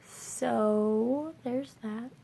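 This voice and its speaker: A woman's voice: on the high side, extremely slow, creaky, mellow, husky. A young woman vlogging to camera, rambling casually with lots of filler words.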